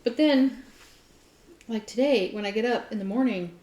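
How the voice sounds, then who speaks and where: A woman co-hosting a casual craft podcast, telling stories in an animated way. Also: on the high side, normal speed. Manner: animated storytelling, mimics her cat. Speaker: podcast co-host. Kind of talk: casual chat. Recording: echoey room.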